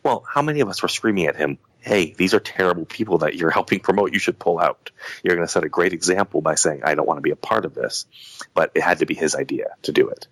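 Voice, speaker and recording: A man's voice: sits low, fast talker, fairly bright tone, slightly rough, dry recording, low-quality recording. A man in a casual podcast conversation, talking in a heated, rambling way with lots of restarts. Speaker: podcast guest.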